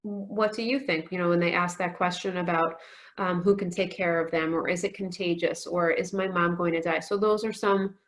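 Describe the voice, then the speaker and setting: A woman's voice: on the low side, little pitch movement, brisk. Woman counselor telling stories at a talk. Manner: warm storytelling with frequent "um" fillers. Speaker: counselor and conference presenter. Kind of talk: conference talk. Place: virtual conference.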